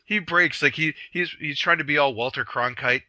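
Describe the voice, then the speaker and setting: Bright-voiced man rambling in casual chat. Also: a little high, normal speed, no room sound. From Canada. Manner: rambling, self-correcting, laughing. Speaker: podcast co-host. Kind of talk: casual movie podcast chat.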